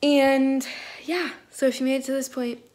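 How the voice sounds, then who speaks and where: A woman's voice: high-pitched, flat delivery, normal speed, a little mellow, dry recording. A young woman talking frankly and with exasperated self-mockery in a casual daily vlog, filmed on her phone while out and about. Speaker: vlogger. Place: outdoors and on the go.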